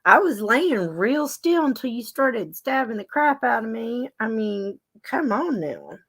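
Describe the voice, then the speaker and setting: A woman's voice: fairly high pitch, very animated, unhurried. A woman, chatting and telling a story to her viewers as a show host. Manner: chatty storytelling, reading viewer comments aloud. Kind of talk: casual chat to a live audience.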